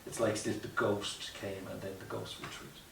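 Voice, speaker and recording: A man's voice: fairly low pitch, level tone, normal speed, gravelly, a little hiss or hum. Earnest man, distant roomy mic. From Ireland. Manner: reflective, earnest, many restarts and "you know" asides. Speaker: guest, mountaineer. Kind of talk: conversational storytelling interview.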